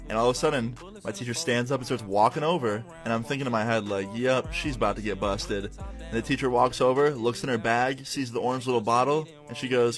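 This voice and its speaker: Young adult male, mid-pitched, casual storyteller, faint background music. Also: a little fast. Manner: acts out quoted voices in an animated retelling.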